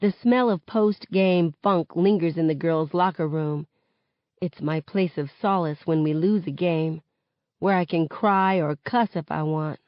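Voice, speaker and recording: A woman reading a novel aloud in first person, with expressive narration. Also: fairly low pitch, measured pace, no echo. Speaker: reader. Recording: dull, close, dry audio.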